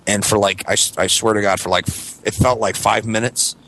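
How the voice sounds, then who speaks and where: A man's voice: lowish voice, steady tone, a little fast, fairly bright tone. A man in his thirties telling a story on a casual podcast, rambling and swearing, acting out voices from the story. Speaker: podcast co-host.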